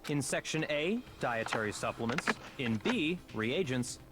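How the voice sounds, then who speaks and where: An actor playing a haughty, cold young male detective in a video game, who lectures others in a measured, superior way. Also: mid-range voice, animated, natural voice. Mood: smug. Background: game music.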